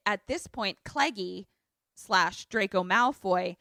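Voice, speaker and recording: Woman, podcast co-host, lively movie recap, dry close mic. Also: mid-range voice, unhurried, vocal fry, no echo. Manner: animated storytelling, swears freely, acts out quotes. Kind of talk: casual movie recap chat.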